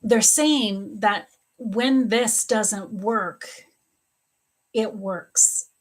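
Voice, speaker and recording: Middle-aged woman, psychic medium on a live stream, unhurried delivery, addresses viewers by name, repeats words. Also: medium pitch. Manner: speaks straight to viewers by name, repeats words, laughs often. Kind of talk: live-stream readings answering viewer questions.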